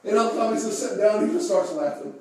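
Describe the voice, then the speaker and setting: A man's voice: high voice, animated, fast, background noise. A male pastor preaching a sermon, telling folksy stories with chuckles and asking the congregation questions. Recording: echoey room, mic far off.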